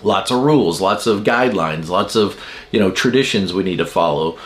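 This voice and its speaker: A podcast host with a low voice and moderate pace delivers a casual teaching monologue. He's chatty and self-deprecating, explaining ideas through everyday stories and acting out the people he quotes.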